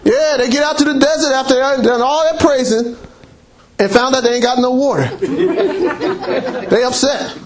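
A man's voice: extremely high pitch, measured pace, long pauses, a faint crowd. A man preaching a sermon, exhorting and retelling scripture stories with playful mockery. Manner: animated storytelling, mocking, exhorting.

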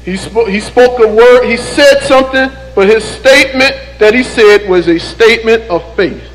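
A male preacher giving a sermon and reading scripture slowly and deliberately, with folksy joking asides to the congregation. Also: sits high, big-room sound, a little hiss or hum, rough recording. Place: church.

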